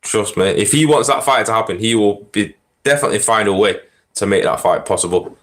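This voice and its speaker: Man, low-pitched voice, relaxed podcast chatter, easygoing storyteller. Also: fairly quick, poor audio. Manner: laid-back storytelling, frequent laughs and fillers. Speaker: podcast co-host. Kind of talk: casual chat about MMA.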